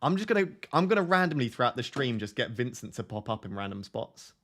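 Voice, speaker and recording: A man's voice: medium pitch, big pitch swings, fast talker, a bit bright. A man hosting a casual fantasy football live stream, reading viewer comments aloud and joking and laughing with them.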